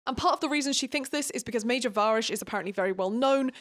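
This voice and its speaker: A young British woman hosting a casual book recap vlog, sarcastic and quick with asides, laughing often. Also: a little high.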